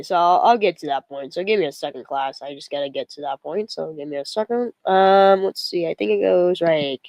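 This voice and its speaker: A woman's voice: medium pitch, dry recording. A woman hosting a show, casually narrating over a clip with lots of fillers. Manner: rambling, filler-heavy, talks to viewers. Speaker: show host.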